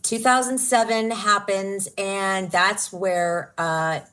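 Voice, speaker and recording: A woman's voice: mid-range voice, steady tone, takes it slowly, pushed and bright. A woman, a radio personality telling her story earnestly in an interview. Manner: earnest and emotional, with bursts of laughter and exclamations. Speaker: radio personality, podcast guest.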